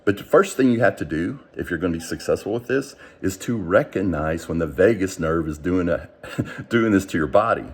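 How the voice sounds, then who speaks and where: A man's voice: low voice, animated, a little fast, slightly rough. A man coaching professionals in a motivational teaching talk, explaining earnestly and often restarting his sentences. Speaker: mindset coach.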